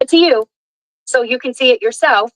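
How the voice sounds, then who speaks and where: A woman's voice: high voice, normal speed, no room sound, rough recording. A woman ranting indignantly and with heavy profanity on a livestream while driving her car.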